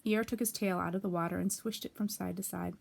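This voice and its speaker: A woman reading a children's story aloud, expressive, with asides to young listeners. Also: lowish voice, quick pace, gravelly, no echo. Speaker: storybook reader.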